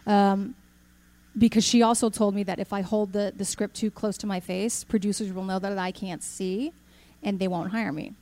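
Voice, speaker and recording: A woman giving a talk to an audience, telling a personal story with lively acted-out dialogue and questions to the crowd. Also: mid-range voice, moderate pace. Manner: animated storyteller, acts out quoted dialogue, asks the audience questions. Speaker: speaker.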